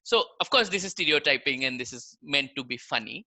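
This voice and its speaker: A man's voice: mid-range voice, lively intonation, brisk, pushed and bright, poor audio. Guy giving a chatty lecture, voice jumps around a lot, keeps saying right? and you know. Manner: conversational, explains with examples, keeps checking in with "right?" and "you know". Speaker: guest lecturer, language researcher. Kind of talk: online public lecture.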